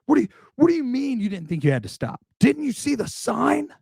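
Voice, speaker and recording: A man voicing an older male security guard who is out of breath and panting, in a shrill voice. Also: sing-song, a little fast, creaky, darkish tone, husky, no room sound, clean studio sound, heavily acted. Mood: breathless, exasperated.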